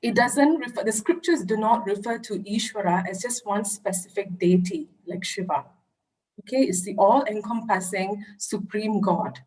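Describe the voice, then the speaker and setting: A woman's voice: mid-range voice, a little mellow, poor audio. A woman giving an earnest, explanatory online lecture over a video call. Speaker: religious education presenter.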